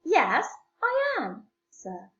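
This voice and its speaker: Slow, patient Italian-accented woman teacher. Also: sits high, huge pitch swings, a bit bright. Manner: patient, repeats phrases slowly for learners. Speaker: English teacher. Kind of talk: slow classroom explanation mixing English and Italian. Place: at home. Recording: echoey room, dull lo-fi sound.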